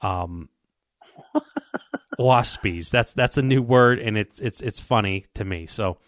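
Rambling low-voiced man telling a story. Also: slow pace, no room sound, studio quality. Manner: rambling, repeats words, quotes people in dialogue. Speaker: podcast co-host telling a hunting story. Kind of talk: casual storytelling chat.

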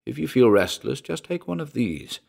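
A man voicing a calm, reasonable small-town doctor who soothes his patient, in a spoken story. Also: medium pitch, moderate pace, creaky, voice pushed up, full character voice. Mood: soothing.

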